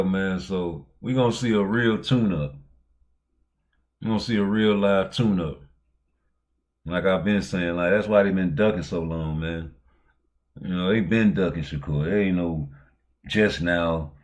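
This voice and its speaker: A man hosting a boxing talk show in loose, casual chat. His slangy, profane delivery is animated and sits a touch low in pitch. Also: a little slow, long pauses.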